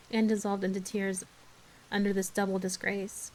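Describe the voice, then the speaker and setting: A woman streamer reading a classic children's novel aloud in a steady, expressive way. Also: mid-range voice, normal speed, poor audio. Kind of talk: storybook read-aloud.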